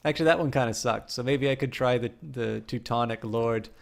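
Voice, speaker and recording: A man's voice: mid-range voice, a little fast, creaky. A man streaming a game, chatting casually with viewers in a rambling way full of fillers.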